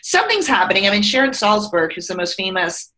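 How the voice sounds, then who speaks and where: The audio is poor, but this fast-talking woman's medium-pitched voice comes through as she recounts stories in a conversational interview. Middle-aged and a company founder, she is an earnest, expressive storyteller who becomes tearful.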